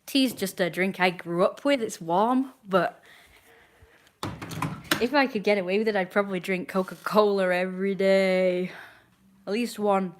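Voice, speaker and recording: A woman's voice: mid-range voice, fairly even intonation, measured pace, pauses often, a little hiss or hum. A woman chatting on a livestream, rambling and correcting herself as she goes. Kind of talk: casual livestream chat.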